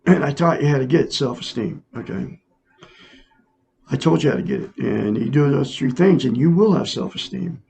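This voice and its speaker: A man's voice: medium pitch, animated, normal speed, creaky, mellow, slightly rough. A man hosting his own self-help video, talking earnestly and repetitively to his viewers. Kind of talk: casual monologue to camera.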